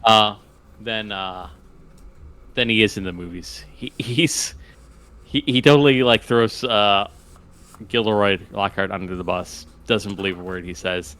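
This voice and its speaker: A man's voice: fairly low pitch, fairly bright tone. A man co-hosting a podcast, chatting casually about a book and joking as he goes. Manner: joking, acts out characters in quick asides. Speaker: podcast co-host. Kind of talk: casual book club chat.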